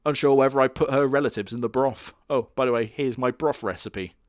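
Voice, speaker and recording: A man's voice: medium pitch, brisk, dry recording, studio quality, soft background music. A man giving crude, sardonic comedic commentary on an anime. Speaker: anime reviewer.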